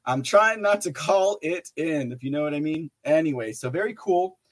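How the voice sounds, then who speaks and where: A man's voice: on the high side, animated, moderate pace. Rambling male podcast host reading chat. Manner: rambling with many fillers and restarts, laughs often, reads chat messages aloud. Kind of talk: casual live-chat talk.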